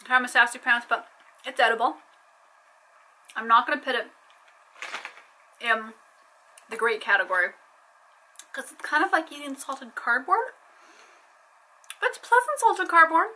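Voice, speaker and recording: A woman's voice: fairly high pitch, animated, normal speed, long pauses, bright, forceful tone, a little hiss or hum, rough recording. A young adult woman chatting playfully in a casual vlog, joking as she tries snacks. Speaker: vlogger.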